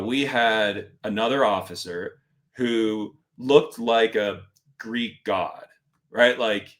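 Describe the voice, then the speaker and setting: Man, middle-aged, podcast guest, casual storytelling, medium pitch, animated. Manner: animated, acts out instructors' lines in quotes.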